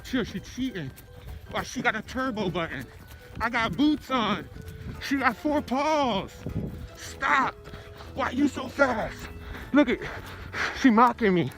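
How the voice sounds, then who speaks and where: A man vlogging while jogging outdoors with his dog, out of breath, excitable and full of slang. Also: extremely high pitch, takes it slowly, pauses often, over music. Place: outdoors on a street. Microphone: handheld camera.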